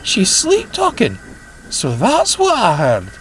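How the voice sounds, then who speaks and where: A squeaky, timid Scottish engine boy. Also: wildly swooping pitch, takes it slowly, fairly bright tone, a little hiss or hum, full character voice, rough recording. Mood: excited. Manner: high, squeaky and fearful.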